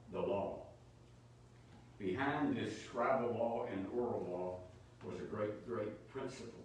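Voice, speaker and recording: Low-voiced man preaching in an echoey church. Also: a little mellow, recorded from a distance, a little hiss or hum. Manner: emphatic, asks the listeners rhetorical questions. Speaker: preacher teaching Bible study. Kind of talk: teaching sermon.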